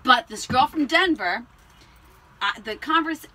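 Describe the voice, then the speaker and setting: A woman chats as a co-host, her high voice bright and full of swooping pitch. She tells stories with gusto, putting on the voices of the people she quotes. A faint hum sits under the recording. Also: a little slow, poor audio. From New Jersey. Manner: animated storyteller, acts out quoted voices, laughs often. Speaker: podcast co-host. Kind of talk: casual chat, storytelling.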